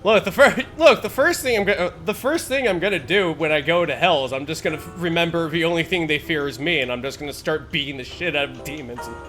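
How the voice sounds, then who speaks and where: A man's voice: a little high, fast, few pauses, fairly bright tone, soft background music. A man streaming a game, telling a long story in a rambling, casual way and laughing at his own jokes. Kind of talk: casual storytelling while gaming. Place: home streaming setup.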